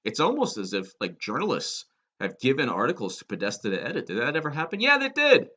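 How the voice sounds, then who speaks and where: A man's voice: mid-range voice, big pitch swings, fast talker, fairly bright tone, breathy edge. A man giving a political commentary monologue, sarcastic and emphatic, firing off rhetorical questions.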